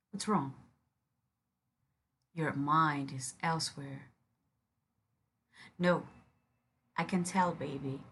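A woman speaks straight to the listener in an audio role-play, her voice low and husky. She talks very slowly, with firm command that stays caring. Each word is set down with unhurried control. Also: fairly bright tone. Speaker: dominant partner in a role-play.

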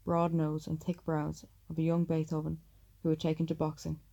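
A woman reads an audiobook at a measured, steady pace. Her voice is very dark and gravelly, and she sits low with a flat, even delivery. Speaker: audiobook narrator. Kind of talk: audiobook narration.

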